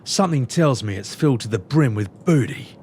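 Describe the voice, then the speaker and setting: A man voicing a gruff, swaggering male sky pirate captain who swears freely and talks in rough slang, over a game's cutscenes. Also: mid-range voice, lively intonation, a little fast, noisy background, pitched below the performer's own voice, close to an everyday voice.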